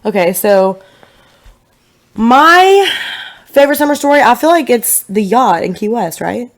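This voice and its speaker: A young woman co-hosting a podcast in a chatty, playful way, laughing often as she talks. Her voice sits a little higher than most. She grew up in Tennessee. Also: sing-song, unhurried. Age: 20s. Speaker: podcast co-host. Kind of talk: casual chat.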